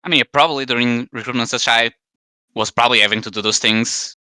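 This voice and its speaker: Fast-talking, sharp-voiced male player. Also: medium pitch, fairly even intonation, dry recording. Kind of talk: casual tabletop role-play.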